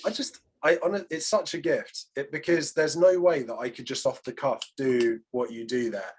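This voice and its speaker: A man's voice: medium pitch, steady tone, moderate pace, a little mellow, breathy edge. A British man co-hosting a casual Bible podcast, speaking in an earnest, reflective way with frequent fillers. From Britain. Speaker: podcast co-host. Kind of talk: casual chat about the Bible.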